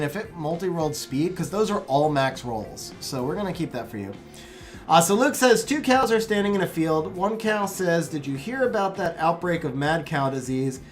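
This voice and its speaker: High-pitched and a bit bright, this young adult man is live-streaming a game. He reads out chat messages casually, chuckling a lot and addressing viewers as bro.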